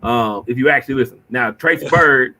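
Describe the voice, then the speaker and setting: A man's voice: medium pitch, fairly quick, pushed and bright, low-quality recording. A man from Kentucky with a Southern accent, a comedian co-hosting a casual comedic chat show, laughing often and shifting his accent to match the conversation. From Kentucky, USA. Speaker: comedian, podcast co-host.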